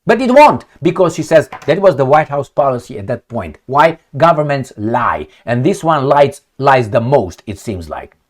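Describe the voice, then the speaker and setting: Lively sardonic man. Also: medium pitch, moderate pace, few pauses. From Romania. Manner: blunt and sardonic, storytelling asides. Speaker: political commentator. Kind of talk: unscripted commentary reading headlines.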